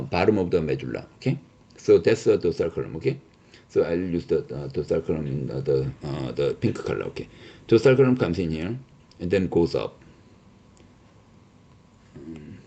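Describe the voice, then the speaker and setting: Male lecturer, emphatic, lots of "okay?", animated pitch, muffled lo-fi audio. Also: husky. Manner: many fillers and restarts, repeats "okay?"; emphatic, reassuring. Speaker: teacher.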